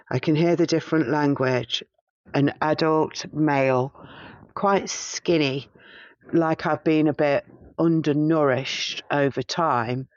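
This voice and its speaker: A man recounting a past-life regression in the first person, in a halting, hesitant way as he searches for words, on a slightly muffled recording. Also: fairly high pitch, no room sound.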